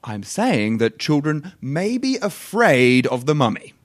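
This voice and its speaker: A man plays a stiff museum spokesman holding his composure. He speaks slowly and formally, his pitch rising and falling with mounting exasperation. Nervous polite laughs slip through. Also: sing-song. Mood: strained polite. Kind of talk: comedy sketch acting.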